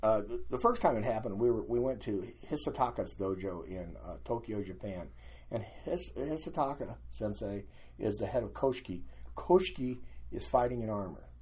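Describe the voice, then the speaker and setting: Older guy, low husky voice, casual storytelling, acts out the quotes. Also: moderate pace. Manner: animated anecdotes, acting out quoted voices. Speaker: guest.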